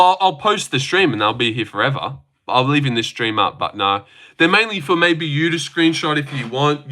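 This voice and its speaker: A man's voice: medium pitch, pushed and bright. A man hosting a live stream, reading chat messages aloud and answering with crude jokes and boasts. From Australia.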